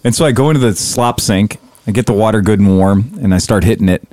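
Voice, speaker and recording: A man telling a story in casual podcast chat, swearing freely and animated. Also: lowish voice, fast, no room sound.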